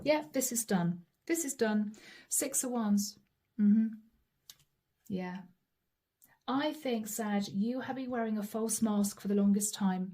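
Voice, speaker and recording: A woman's voice: mid-range voice, takes it slowly, pauses often, warm tone. A woman giving a channeled tarot reading to her viewers, chatty and dramatic, acting out little quotes as she lays down the cards. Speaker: tarot reader.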